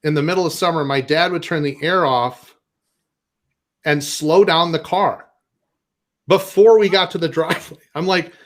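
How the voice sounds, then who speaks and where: A man's voice: on the high side, moderate pace, pauses often. A man from Minnesota doing a stand-up set on a live comedy stage, rambling, self-deprecating and laughing at his own jokes. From Minnesota, USA.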